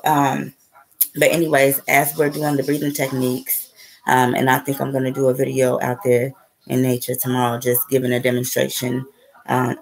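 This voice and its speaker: A woman's voice: extremely low pitch, vocal fry, rough recording. A woman telling a story in a casual, rambling way. She swears freely and keeps checking in with "okay?" and "right?". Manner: rambling and profane, with frequent "okay?" and "right?" asides. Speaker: spiritual vlogger.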